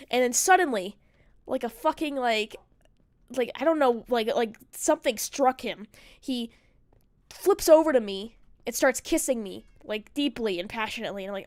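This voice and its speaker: A woman's voice: a little high, normal speed, no echo. A woman streamer telling a story in casual chat, rambling and profane, full of "like" fillers.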